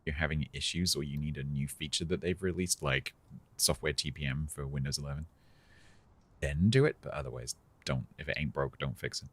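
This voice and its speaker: With an extremely low but fairly bright voice that's slightly rough, a British man streams a naval game at a brisk pace. He keeps the live-stream chat casual, bantering drily and sarcastically with viewers.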